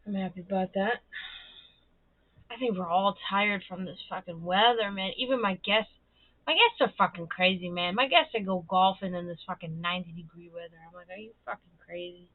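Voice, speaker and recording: A woman's voice: mid-range voice, brisk, dry recording. A woman hosting a casual livestream, chatting and telling stories, swearing freely and laughing often. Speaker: livestream host. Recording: dry, tinny phone-like sound.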